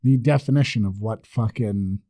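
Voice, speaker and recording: A man's voice: fairly low pitch, normal speed, warm tone. A young man co-hosting a podcast in casual chat, joking and swearing with easy laughs. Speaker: podcast co-host.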